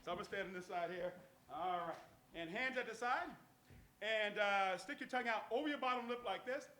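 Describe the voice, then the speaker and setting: A man's voice: high-pitched, a little fast, pushed and bright, reverberant. A man performing as a stage magician, talking volunteers through a trick step by step with coaxing commands and jokes, at a live venue. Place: live cafe stage with audience.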